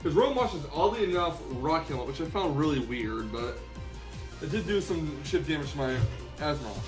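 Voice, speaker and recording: A young man commentates a game battle in a quick, casual flow. His voice sits a little high, and he stumbles and fixes his words often. Soft music plays quietly behind him. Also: expressive. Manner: chatty, fast, with frequent ums and self-corrections. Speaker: gaming channel host.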